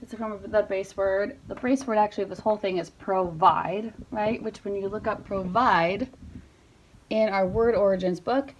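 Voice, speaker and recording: A woman's voice: medium pitch, slight background noise. Chatty woman homeschool teacher. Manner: chatty, often checks with "right?". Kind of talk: casual explanatory lesson talk. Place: home.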